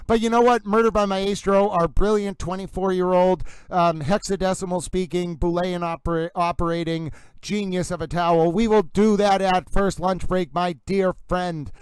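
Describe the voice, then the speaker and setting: A man's voice: high-pitched, steady tone, moderate pace, hardly any pauses, clean tone, dry recording, rough recording. Guy hosting a stream, hammy race-announcer patter, dry close sound. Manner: mock horse-racing announcer delivery, theatrical. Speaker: livestream host. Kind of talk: comedic trial livestream commentary.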